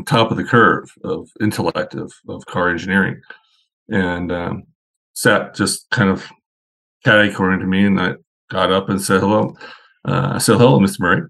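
Low-voiced man telling rambling car stories. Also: steady tone, normal speed, creaky, fairly bright tone. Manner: rambling anecdotal storyteller. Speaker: guest. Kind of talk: casual podcast conversation.

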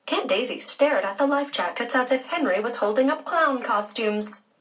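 Expressive woman reading a children's novel. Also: on the high side, normal speed, recorded from a distance, poor audio. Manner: expressive storytelling. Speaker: narrator. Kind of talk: audiobook narration.

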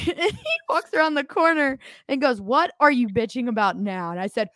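A young woman co-hosting a podcast, animated and swearing often as she acts out quotes. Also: sits high, moderate pace, no room sound, clean studio sound. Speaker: podcast co-host. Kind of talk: casual podcast chat.

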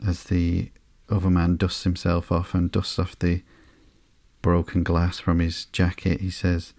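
A man with a very low, gravelly voice hosts a sleepy podcast, walking through a comic slowly with plenty of ums and uhs. His delivery stays almost flat, with very little rise and fall. The sound is close and dry. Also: dry recording. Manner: slow, flat and unhurried, with frequent ums and uhs. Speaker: podcast host.

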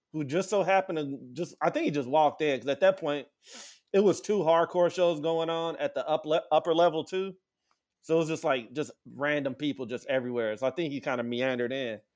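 Man, slightly high voice, casual podcast chat, profane, animated storytelling, jumps into high voices for quotes. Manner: animated, acts out quotes with sudden high-pitched voices, swears freely.

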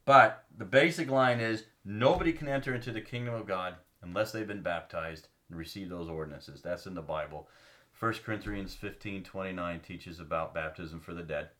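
A man's voice: low voice, a bit bright. A man co-hosting a casual faith podcast, reading scripture aloud and explaining it earnestly, stopping with ums to find his place. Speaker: podcast co-host.

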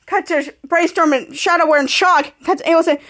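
A woman hosting a podcast, excitedly retelling a TV episode scene by scene and quoting the characters' lines. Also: very high voice, a little fast. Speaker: podcast host. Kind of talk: casual episode recap.

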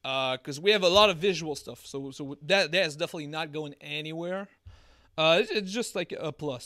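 Male co-host with a French accent, high and bright, loose rambling banter, dry close mic. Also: fairly quick, no room sound. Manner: rambling, joking, many fillers and restarts. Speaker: podcast co-host. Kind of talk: casual chat.

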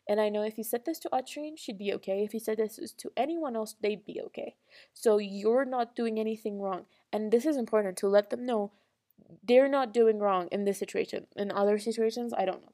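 A woman's voice: mid-range voice, mellow. A young woman talking casually and earnestly to her audience, rambling with restarts and small laughs. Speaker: vlogger. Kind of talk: casual personal monologue.

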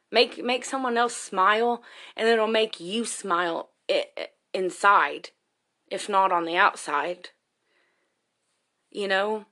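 A woman's voice: medium pitch, fairly bright tone. A woman, a single mother, talking candidly and emotionally in a rambling personal monologue, swearing freely.

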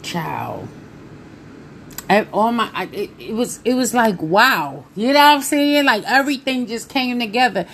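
A woman in her thirties telling viewers a personal story in a casual, animated way, talking straight to them. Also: on the high side, measured pace.

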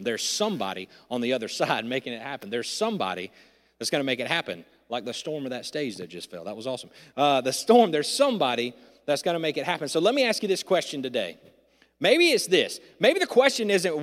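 A man preaching a sermon, candid and self-deprecating, who swings from loud outbursts to hushed asides. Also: medium pitch. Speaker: pastor. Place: large church hall. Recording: reverberant church sanctuary.

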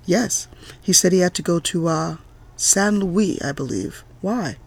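A man voicing a shy, nervous Scandinavian professor who answers politely and hesitantly in a storybook reading. The voice is gravelly and a bit breathy. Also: high voice, unhurried, heavily acted.

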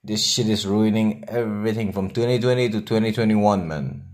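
A young man with a Nagaland accent, a native Nagamese speaker, hosting a solo podcast in a blunt, profane, defiant way with long pauses. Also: lowish voice, darkish tone. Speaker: podcast host.

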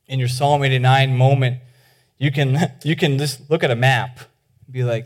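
A man preaching a sermon as pastor, earnest and conversational with many restarts, dropping to a hushed voice for appeals. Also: mid-range voice, fairly even intonation, normal speed. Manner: drops to a soft, hushed voice for appeals.

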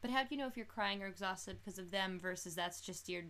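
A woman's voice: medium pitch, fast talker, a bit bright. A young woman hosting a podcast, talking casually and hesitantly with frequent restarts. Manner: hesitant, self-questioning, with restarts. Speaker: podcast host.

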